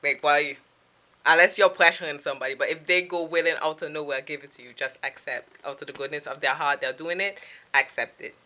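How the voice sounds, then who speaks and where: Young female vlogger, French accent, low voice, bright tone, casual rambling chat. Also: brisk. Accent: French-accented English. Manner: chatty, grateful, rambling with restarts. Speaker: vlogger and streamer.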